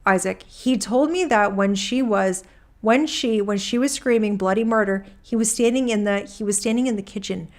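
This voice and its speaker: A woman's voice: medium pitch, normal speed, close to an everyday voice. Woman reading as a rambling male witness. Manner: rambling, restarts sentences, casual. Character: rambling male witness giving deposition testimony. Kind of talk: reading a court transcript aloud.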